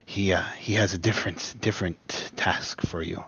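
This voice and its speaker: A man's voice: low voice, steady tone, moderate pace, a bit bright, slightly rough, no echo, highs cut off, exaggerated voice. A man voicing a sly, pushy imp messenger for his devilish master, speaking brusquely and making demands.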